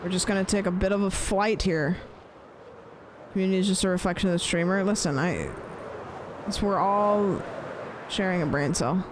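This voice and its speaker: Casual streamer voice, rambling gamer chat, mid pitch, background hiss. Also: normal speed, long pauses. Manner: chatty, rambling, swears casually; playful repeating of phrases with shifting stress. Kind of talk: casual live-stream chat while gaming.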